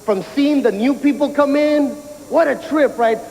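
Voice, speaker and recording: A man doing stand-up comedy, telling animated stories and mimicking people. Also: very high-pitched, normal speed, creaky, big-room sound. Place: prison yard. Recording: noisy outdoor recording.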